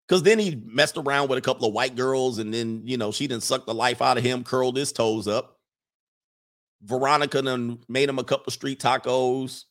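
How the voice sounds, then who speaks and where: A man with a mid-range, slightly bright voice hosts a livestream, reading viewer chats aloud and riffing on them. His casual comedic commentary rambles and jokes, often breaking into laughter and mock voices.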